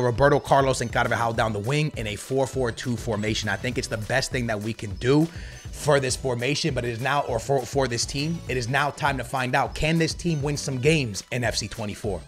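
A young man giving casual, hyped gameplay commentary as a gaming creator, shouting when goals go in. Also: a little high. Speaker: gaming YouTuber.

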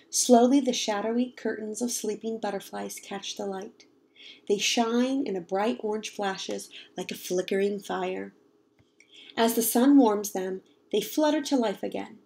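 A woman reads a children's story aloud, expressive and coaxing. She often stops to ask her young listeners questions. Her voice sits a bit high and has a gravelly fry. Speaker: teacher reading aloud.

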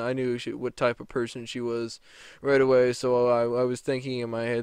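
A man's voice: medium pitch, monotone, brisk, a little mellow, clean tone, dry recording. A young man telling a story as a vlogger, rambling, heated and profane. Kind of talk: storytime rant.

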